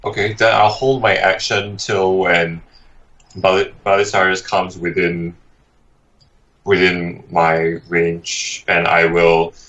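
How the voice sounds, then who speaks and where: A man's voice: low voice, flat delivery, slow, fairly bright tone, lo-fi sound. A man playing a tabletop game, hesitant and checking the rules as he goes. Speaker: player.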